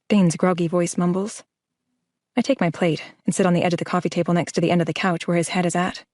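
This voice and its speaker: A woman's voice: on the low side, steady tone, brisk, a little mellow, no echo. A woman reading a first-person romance audiobook in an intimate, emotive way, close to the mic. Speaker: audiobook narrator. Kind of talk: scripted first-person narration.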